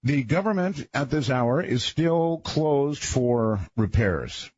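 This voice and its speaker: A radio talk show host, a man with a husky voice, talking in a rambling, conversational late-night monologue with folksy asides. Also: medium pitch, animated, slow pace, darkish tone, no echo, muffled recording.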